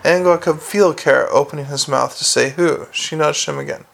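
Gravelly male audiobook narrator. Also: fairly high pitch, normal speed. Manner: wry, steady reading with small slips. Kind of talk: reading a novel aloud.

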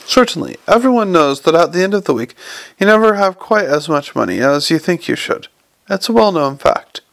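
A man reading an audiobook, voicing a quick-witted, smooth-talking young man with a wry manner. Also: on the high side, lively intonation, a bit bright, voice pushed up. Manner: glib, wry.

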